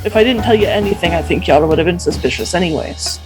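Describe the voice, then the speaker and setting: A woman's voice: on the low side, quick pace, low-quality recording. A woman playing in a tabletop game who thinks aloud in a casual way. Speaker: player. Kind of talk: tabletop role-play chat. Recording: music playing behind.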